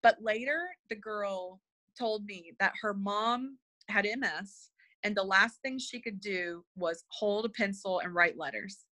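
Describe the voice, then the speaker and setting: A woman's voice: medium pitch, a little slow, sharp tone, no room sound. A woman guest telling a personal story in conversation, earnest and emotional, hesitant with many fillers and restarts. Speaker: interview guest, spiritual medium.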